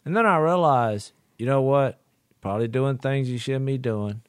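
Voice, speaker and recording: A middle-aged man, telling a story in a folksy, animated way during casual chat. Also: mid-range voice, moderate pace, smooth, no room sound, studio quality. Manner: folksy, animated, laughs through his stories. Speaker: podcast co-host.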